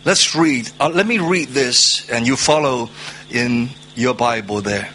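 A man preaching a sermon, reading scripture aloud and stressing words through slow repetition. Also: medium pitch, sharp tone, a little hiss or hum. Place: church hall, seated at a low table.

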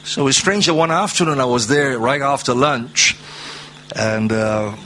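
A man preaching a sermon, reading scripture aloud and stressing words through slow repetition. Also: mid-range voice, bright, forceful tone, slight background noise. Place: church hall, seated at a low table.

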